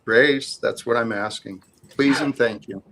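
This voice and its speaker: A man hosting a heated panel argument, who insists again and again that the other speaker calm down and hear him out. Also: mid-range voice, a little slow, a little hiss or hum, low-quality recording. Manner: insistent, repeats calls to calm down. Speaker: host.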